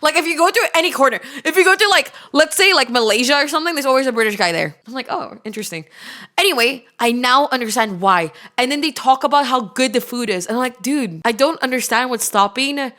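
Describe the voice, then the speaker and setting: A young woman streamer chatting casually, excitable and quick to outrage, swearing freely as she reacts. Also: high voice.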